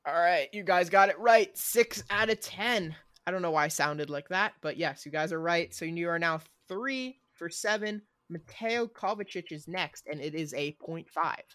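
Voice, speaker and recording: A man's voice: fairly high pitch, moderate pace, few pauses, fairly bright tone, dry recording. A young man co-hosting a casual podcast, teasing his friends as he reads out player ratings.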